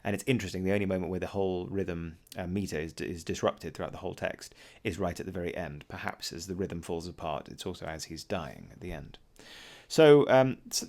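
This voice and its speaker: A man's voice: fairly low pitch, vocal fry. A man teaching an English literature lesson, talking a class through a poem with frequent ums and uhs. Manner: talks through a poem, reading lines aloud and pausing with ums and uhs. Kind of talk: recorded poetry lesson.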